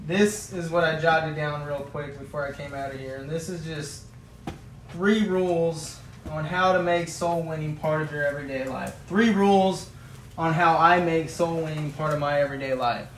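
A man's voice: on the high side, normal speed, reverberant, a little hiss or hum, poor audio. A male preacher giving a sermon, retelling a story in a folksy, vivid way and building to passionate emphasis.

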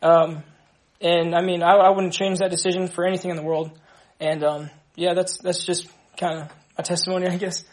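A young man from Dallas with a high voice shares his personal testimony with a group. He speaks earnestly and haltingly, often restarting his sentences. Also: flat delivery, a little hiss or hum. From Dallas, Texas. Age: young adult. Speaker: ministry member giving testimony.

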